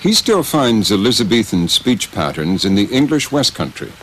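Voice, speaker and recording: A man giving scripted documentary narration with an expressive, rising and falling delivery. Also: fairly low pitch, normal speed, slight background noise.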